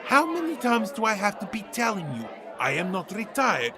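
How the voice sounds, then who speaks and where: A man's voice: high-pitched, huge pitch swings, moderate pace. A man voicing a scheming retired Soviet spy turned deli owner, with a put-on Russian accent and broken English. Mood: grandiose. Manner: broken-English villain bluster. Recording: crowd chatter behind.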